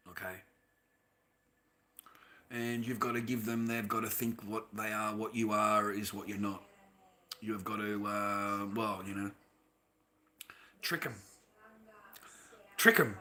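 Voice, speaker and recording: A man's voice: lowish voice, pushed and bright. Blunt, profane Australian man. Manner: blunt, profane, rambling with frequent restarts. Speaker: livestreamer. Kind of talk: casual livestream rant.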